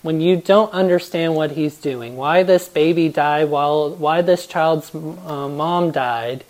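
A woman with a notably low voice gives a devotional Bible talk. She speaks earnestly and reflectively as she tells stories. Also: slow, a little mellow.

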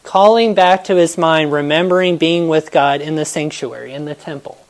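A woman with a notably low voice gives a devotional Bible talk. She speaks earnestly and reflectively as she tells stories. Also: normal speed.

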